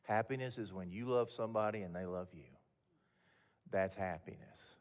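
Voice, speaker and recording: A man's voice: fairly low pitch, normal speed. An older man speaking as guest speaker at a mentoring event, telling stories in a candid, folksy way with frequent restarts. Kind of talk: motivational talk to mentors. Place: event hall. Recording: long hall reverb.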